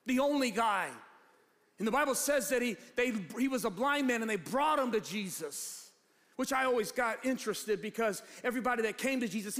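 Pastor, male, high bright voice, shouting sermon, long hall reverb. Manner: swings from low, quiet asides to shouted, rising preaching. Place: church hall.

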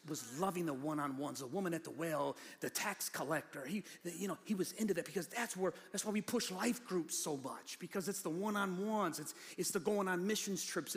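High-voiced preacher man in a reverberant hall. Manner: conversational preaching that builds to shouted fervor. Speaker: pastor. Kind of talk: sermon.

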